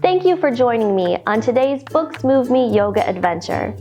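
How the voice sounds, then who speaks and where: A woman's voice: on the high side, big pitch swings, moderate pace, dark tone, soft background music. A woman reading a children's story aloud and guiding kids through yoga poses, encouraging and sing-song.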